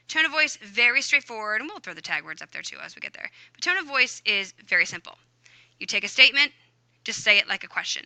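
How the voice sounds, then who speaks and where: Teacher voice-over: young woman, upbeat and chatty, crisp dry sound. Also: a little high, bright, forceful tone, no room sound. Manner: chatty, upbeat, many "okay"s and "um"s. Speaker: Spanish teacher. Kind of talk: recorded grammar lesson. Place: voice-over for lesson slides.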